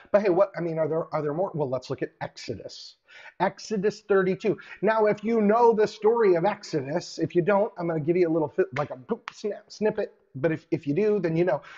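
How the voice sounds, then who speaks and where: A man delivering an online sermon in an animated, casual way, with colloquial asides and hushed emphasis. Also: high-pitched. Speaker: preacher. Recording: dull lo-fi recording.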